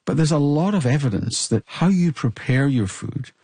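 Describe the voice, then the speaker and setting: A man, a health expert co-hosting a podcast, explaining in a measured way with frequent restarts. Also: on the high side, expressive, mellow, slightly rough, dry recording.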